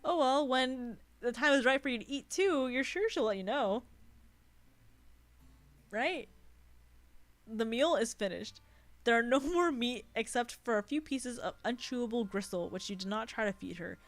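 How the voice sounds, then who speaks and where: A woman's voice: fairly high pitch, lively intonation, moderate pace, dry recording. A woman streamer reading a visual novel aloud, adding giggly, sweary asides. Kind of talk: reading a game aloud with commentary.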